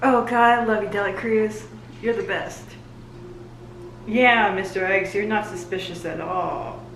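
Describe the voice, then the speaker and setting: A woman giving a live reaction commentary, gushing and excitable as she talks back to the screen. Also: medium pitch, a little slow. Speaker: book and TV reviewer. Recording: roomy echo, faint hiss.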